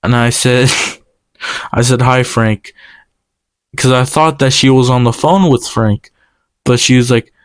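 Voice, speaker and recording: A young man casually telling a personal story, animated and quoting others in quick back-and-forth exchanges. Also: mid-range voice, clean tone, dry recording.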